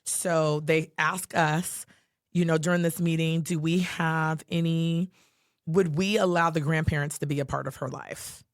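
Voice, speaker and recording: A podcast co-host telling a personal story in a lively way, acting out the quoted lines. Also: mid-range voice, unhurried, dry recording, studio quality. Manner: animated storyteller who acts out quotes, with many fillers.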